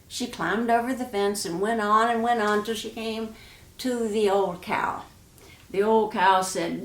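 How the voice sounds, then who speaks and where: A woman telling a folk tale in a slow, homespun, intimate way, as a storyteller. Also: medium pitch, fairly even intonation. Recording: roomy echo.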